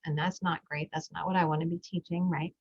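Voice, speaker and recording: A woman's voice: fairly low pitch, little pitch movement, fairly quick, muffled recording. A middle-aged woman, a parenting coach, talking in a reflective, storytelling way about her own family life. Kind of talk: podcast talk with a guided breathing moment.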